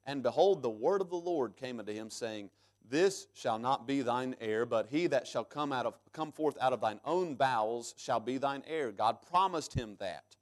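A man preaching a sermon in church, reading scripture aloud and swinging between loud emphatic peaks and sudden hushed drops. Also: medium pitch, expressive, normal speed. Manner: reads scripture aloud in King James English. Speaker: pastor.

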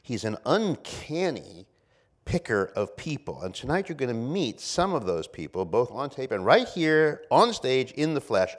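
A man hosts a live stage event, introducing his guest with a wry, playful streak. His pitch rises and falls in lively swings, and he speaks at a middling pitch. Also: unhurried. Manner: playful, wry, storytelling delivery. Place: live event before an audience.

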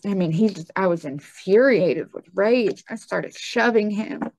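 A young woman telling her personal testimony in conversation, halting and full of ums and likes. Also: medium pitch, lively intonation, a little mellow.

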